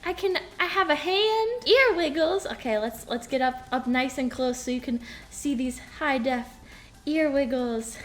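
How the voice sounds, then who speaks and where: A woman's voice: sits high, unhurried. A woman VTuber chatting on a live stream in a bubbly, giggly, playful way, streaming from home. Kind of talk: casual live-stream chat.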